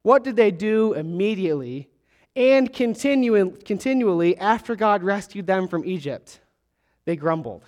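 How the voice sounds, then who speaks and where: A middle-aged man preaching a sermon, emphatic, with rising and falling delivery and long pauses. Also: sits high, lively intonation, a little mellow. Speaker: pastor. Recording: long reverb of a large hall.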